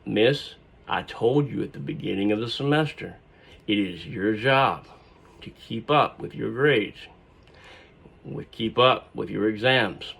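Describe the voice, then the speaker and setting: A man playing a slow, quietly furious professor. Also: on the low side, gravelly, slightly rough, heavily acted. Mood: cold, wounded. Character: wounded, simmering male history professor.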